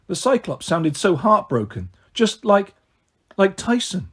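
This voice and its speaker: A man reading a novel aloud in first person, with expressive, animated narration. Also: a little high, unhurried, slightly rough. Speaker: storyteller.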